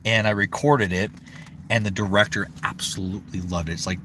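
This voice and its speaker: A young man, a voice actor, chatting casually on a live stream, rambling and excitable, swearing freely. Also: sits low, brisk, slight background noise. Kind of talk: casual livestream chat.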